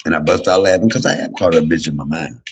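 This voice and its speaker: A man's voice: a bass voice, rapid-fire, husky, rough recording. A man in his fifties telling blunt, profane stories in a candid livestream monologue. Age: 50s. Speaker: livestream host.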